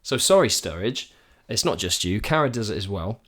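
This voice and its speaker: A man's voice: on the low side, very animated, normal speed, fairly bright tone. Ranting man explaining football like a teacher. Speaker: podcast co-host. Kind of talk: casual football podcast chat.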